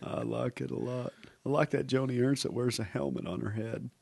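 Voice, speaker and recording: A man's voice: mid-range voice, fairly quick, vocal fry, a little mellow, slightly rough, no echo. A man, a comedian guest on a podcast, chatting casually and joking, slipping into impressions. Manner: joking, playful, slips into impressions.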